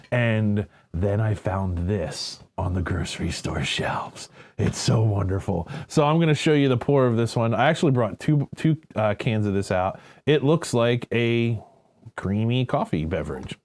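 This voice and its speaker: A man's voice: lowish voice, animated, a little slow, darkish tone. A man co-hosting a casual beer-tasting podcast, gushing and teasing in a playful way. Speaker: podcast co-host.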